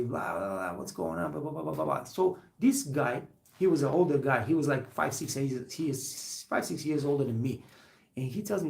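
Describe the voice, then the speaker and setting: A man's voice: medium pitch, gravelly, roomy sound. A man, a hospitality trainer, giving an earnest, rambling motivational talk to young trainees, full of fillers.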